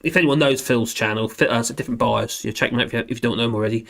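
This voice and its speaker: A hoarse man rambling and joking through a casual livestream chat, reading out comments. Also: medium pitch, very fast, a bit bright. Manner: rambling, self-deprecating, laughs often. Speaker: livestream host.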